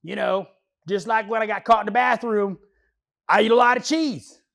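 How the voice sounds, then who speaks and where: Playing an auto mechanic who happily avoids doing his job, this man talks at a normal speed in a high, creaky, fairly bright voice. The comedic monologue rambles along, slangy and jokey, with loose grammar.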